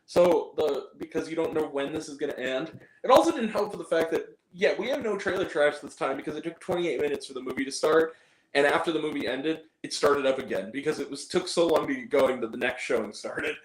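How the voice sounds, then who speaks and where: A man's voice: a little high, a little fast. A man giving a casual spoken movie review, rambling and sarcastic, with many asides. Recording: roomy echo.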